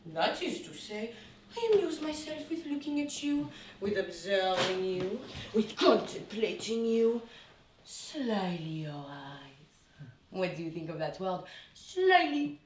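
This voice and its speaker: A woman's voice: medium pitch, expressive, moderate pace, a little mellow, lightly acted. A woman playing a vain, boastful young male nobleman in a stage comedy, pompous and full of theatrical exclamations. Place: studio room. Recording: roomy studio, mic at a distance, faint noise.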